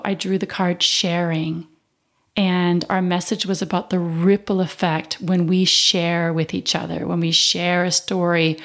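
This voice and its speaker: A woman hosts a spiritual podcast with a slightly low, soothing voice. She talks in a calm, reflective way. At times she eases into the soft, slow delivery of a guided meditation. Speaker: podcast host and spiritual coach. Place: home in Spain.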